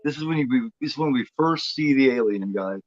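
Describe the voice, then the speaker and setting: A man's voice: mid-range voice, expressive, a little fast, no room sound, muffled recording. A man co-hosting a horror movie chat show, rambling and swearing freely in casual talk. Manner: rambling, swears freely, voices the cat in a playful drawl.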